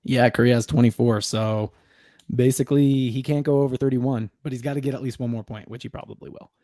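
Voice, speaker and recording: A man's voice: mid-range voice, steady tone, a little fast, dark tone, no room sound, clean studio sound. A man hosting a podcast, chatting casually about a game and running a giveaway, laughing easily and turning upbeat when he announces prizes. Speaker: podcast host. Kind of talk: casual sports chat, watch-party giveaway.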